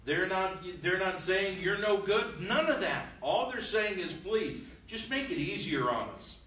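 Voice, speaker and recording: A man's voice: high-pitched, lively intonation, a little slow, bright, forceful tone. A man teaching a Bible lesson in a church, reading old scripture aloud and then explaining it in casual, plain talk. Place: church room. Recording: echoey room, mic at a distance.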